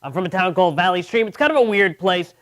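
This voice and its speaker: A young man from Long Island, doing a stand-up comedy set with a deadpan delivery. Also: high-pitched, fast. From Long Island, New York. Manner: deadpan, mocking voices of others. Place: comedy club.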